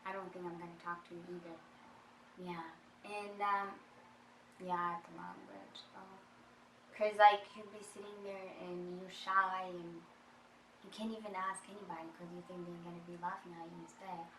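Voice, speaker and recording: A woman's voice: lowish voice, level tone, normal speed. Shy young woman from Africa. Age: young adult. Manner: shy, soft-spoken trailing off. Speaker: interviewee. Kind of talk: documentary interview. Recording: distant, echoey, faint hiss.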